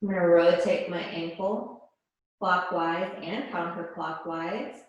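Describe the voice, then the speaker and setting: Woman yoga instructor, low-pitched, calm guided cues, very reverberant room. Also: highs cut off. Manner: slow, calm, soothing cues with pauses. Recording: very echoey room.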